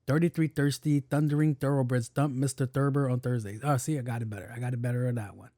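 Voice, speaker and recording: In a studio-quality recording with no echo, a podcast host speaks quickly in a mellow, mid-range voice with fairly even intonation. His casual solo chat rambles along, peppered with swearing and fumbled tongue twisters.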